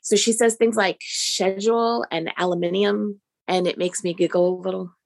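A woman's voice: fairly low pitch, fairly even intonation, fast talker, creaky, darkish tone. A woman telling a personal story in a vivid, descriptive, lightly amused way. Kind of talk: personal story told on stage.

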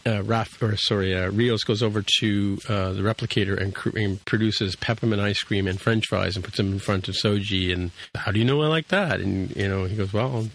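A man's voice: fairly low pitch, gravelly, low-quality recording. A man casually recapping a TV episode for his co-hosts, rambling with lots of fillers and restarts. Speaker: podcast co-host recapping an episode. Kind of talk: casual chat.

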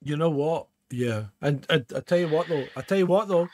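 A man's voice: fairly high pitch, fairly quick, darkish tone, slight background noise. A man co-hosting a live chat show, talking emphatically and swearing, ranting with rhetorical questions. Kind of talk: casual banter, live stream.

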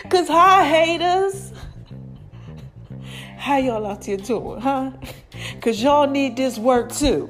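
High, animated woman chatting to listeners. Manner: animated, laughing, chatty with slang and call-outs to listeners. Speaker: podcast host. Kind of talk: casual solo podcast monologue.

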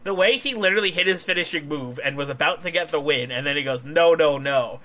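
Bright-voiced excitable young man recapping. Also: on the high side, fast. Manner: excitable, swearing, laughs often. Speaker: wrestling podcast co-host. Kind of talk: casual podcast chat, recapping a match.

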